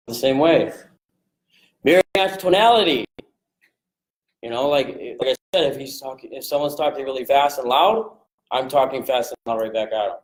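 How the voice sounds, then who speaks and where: A man coaching a group on sales rapport in a casual, energetic way, jumping into quick voices to act out phone calls. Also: mid-range voice, echoey room, rough recording. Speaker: real estate investing coach.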